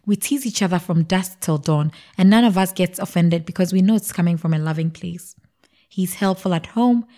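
A woman's voice: fairly low pitch, dark tone. A woman narrating a dramatic first-person story and reading the dialogue in her own voice.

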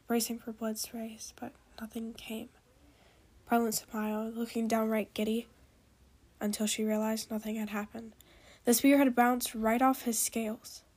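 Woman reading a story, halting delivery. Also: a little high, darkish tone. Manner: halting, with small restarts. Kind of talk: reading a fan story aloud.

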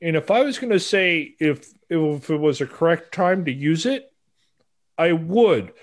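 A man with a somewhat higher voice argues his point in relaxed podcast talk. He works his thoughts out as he speaks and often restarts his sentences. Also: a little slow. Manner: opinionated, thinks aloud, restarts. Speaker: podcast co-host. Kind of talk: casual chat.

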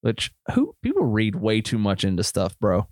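A man with a Southern US country accent chats loosely about films on his podcast, tossing in "bro" and "man". His voice sits somewhat low. The sound is dry and close. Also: wildly swooping pitch, normal speed, a little mellow, no room sound. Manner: laid-back, rambling, says bro and man. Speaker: podcast co-host. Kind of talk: casual chat.

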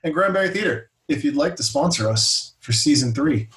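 A man's voice: fairly high pitch, animated, fairly quick, fairly bright tone, far from the mic. Male podcast co-host, thirties, rambling casual chat, set back from the mic in a roomy space. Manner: rambling, chatty, hesitant with fillers. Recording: echoey room, a bit off-mic.

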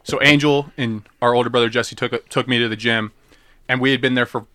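A young man in casual chat, telling a story in a relaxed way with many likes and dudes. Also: mid-range voice, brisk, no room sound.

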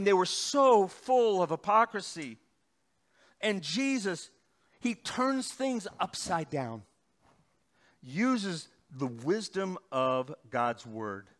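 A middle-aged male pastor preaching a sermon, swinging between loud emphatic bursts and quiet, slow passages. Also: mid-range voice.

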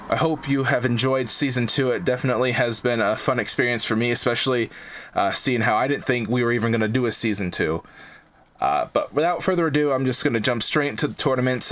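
A man's voice: mid-range voice, a bit bright. Rambling podcast host man. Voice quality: rambling with many fillers and restarts. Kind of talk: casual chat.

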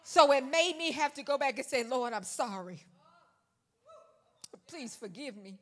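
A woman preaching a live sermon at a church. Her voice sits slightly high and rings with a forceful brightness. She speaks in a fervent preaching cadence and stacks emphatic, repeated phrases. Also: expressive, fairly quick. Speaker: church first lady preaching. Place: church worship center.

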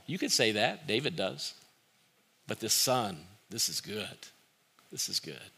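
A man's voice: fairly low pitch, sing-song, unhurried, vocal fry, pauses often, sharp tone, husky. A man preaching a sermon as pastor, in an earnest, conversational way that repeats key phrases for emphasis.

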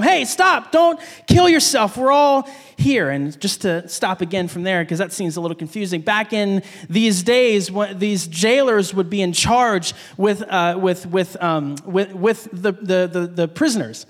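A man's voice: sits high, long reverb tail. A man giving a casual sermon, with frequent fillers and restarts. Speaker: preacher.

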